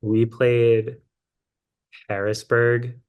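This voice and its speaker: A man's voice: medium pitch, little pitch movement, very slow, narrow, tinny audio. A man appearing as a podcast guest who tells a road story in a casual, rambling way, full of fillers. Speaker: musician guest.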